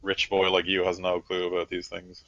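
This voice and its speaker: Man as a sour, griping soldier; low voice, dull recording. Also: completely flat delivery, moderate pace, a bit bright, no room sound. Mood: grumbling. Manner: bitter, sarcastic griping. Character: grumbling male soldier, constant complainer.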